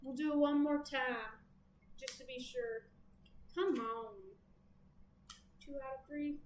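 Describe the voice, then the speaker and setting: A woman's voice: sits high, fairly even intonation, slow pace. A woman with a Southern American accent gives a casual, chatty tarot reading, full of playful asides. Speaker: tarot reader. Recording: echoey room with faint background noise.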